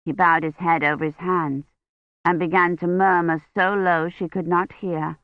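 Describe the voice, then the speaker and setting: A woman narrating an audiobook in a measured, even storytelling manner, on tinny, dry phone-like audio. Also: lowish voice, no room sound. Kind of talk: scripted narration.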